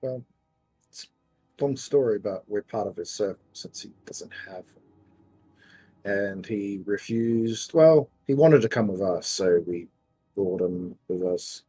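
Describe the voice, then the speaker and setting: A man playing a tabletop game, gentle and affectionate as he describes his character's actions. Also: lowish voice, expressive, a little slow, slightly rough, faint music behind. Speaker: player. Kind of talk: tabletop role-play.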